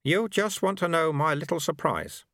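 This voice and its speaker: A man's voice: a little high, normal speed, a bit bright, dry recording, clean studio sound, pitched above the performer's own voice, lightly acted. A man voicing a wily old male monastery sweeper who talks in a chirpy, folksy, teasing way.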